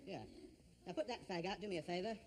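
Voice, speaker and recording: A man's voice: high voice, quick pace, very noisy, lightly acted. A man playing a vain, blustering actor who thinks himself a great Shakespearean star, in old radio comedy. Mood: pompous. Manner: grandiose, self-important, bluster. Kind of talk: 1950s radio comedy acting.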